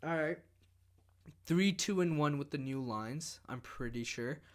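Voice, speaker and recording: A man hosting a channel, giving casual commentary while playing a hockey management game. He mutters through stats and gets loud and excited when the game goes on. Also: fairly high pitch, measured pace. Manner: muttering, then shouting excitedly during game. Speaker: gaming channel host.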